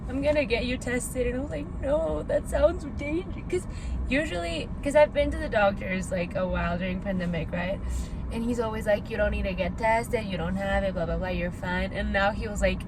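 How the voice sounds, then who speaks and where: A woman's voice: mid-range voice, fairly quick, noisy background. A young woman chatting casually in a rambling, self-mocking way for her vlog, tired and sick. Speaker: vlogger.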